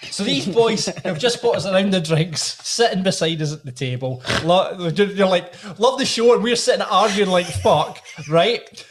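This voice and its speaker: A man's voice: high voice, normal speed, hardly any pauses. A man with a Glasgow accent, a podcast co-host who leads the retelling in casual banter, often checking in with "right?". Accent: Scottish (Glasgow).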